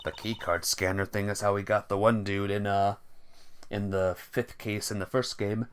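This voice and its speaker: A man's voice: lowish voice, level tone, moderate pace, a little hiss or hum. Man making wry gameplay asides. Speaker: let's-play host. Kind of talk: casual gameplay commentary.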